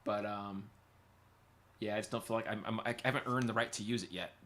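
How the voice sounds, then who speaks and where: A man's voice: lowish voice, steady tone, brisk, pushed and bright, slight background noise. A man, a guitar teacher, chatting casually on a livestream and reading viewer comments, rambling and laughing easily.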